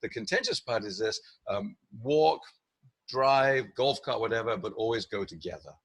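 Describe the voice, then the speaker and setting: A middle-aged man with a low, husky voice, coaching as a guest on a podcast. He talks in an animated way, often restarts his sentences and acts out what clients say. The sound is dry and close. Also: moderate pace, no room sound. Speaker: sales trainer guest. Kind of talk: podcast interview.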